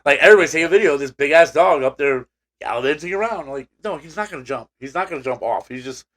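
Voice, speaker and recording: This man's voice sits on the high side, with lively intonation, a fast pace, and a fairly bright tone. As a podcast co-host chatting casually, he tells a drawn-out, rambling story with many restarts and fillers.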